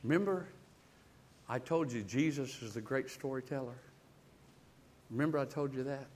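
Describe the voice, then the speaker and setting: A male pastor with a mid-range voice preaches at normal speed, his sermon swinging from loud, insistent build-ups to quiet, close moments marked by repeated words. There's a little hiss or hum in the audio.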